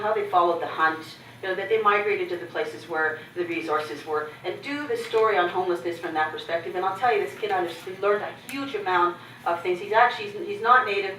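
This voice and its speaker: A woman's voice: on the low side, fairly bright tone, slight background noise. Candid woman speaking in an echoey hall. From Canada. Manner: candid, humorous, acts out others' lines. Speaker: keynote speaker. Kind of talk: keynote address with personal storytelling. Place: conference hall. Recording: echoey hall, mic from a distance.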